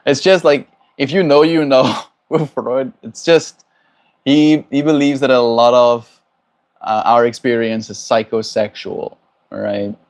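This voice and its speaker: A male streamer talking casually with his audience, responding to comments by name. His tone is relaxed and reflective, in an ordinary mid-range male voice. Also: medium pitch, a little slow. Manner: chatty, reflective, answers chat by name. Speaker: live streamer. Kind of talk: casual live-stream chat.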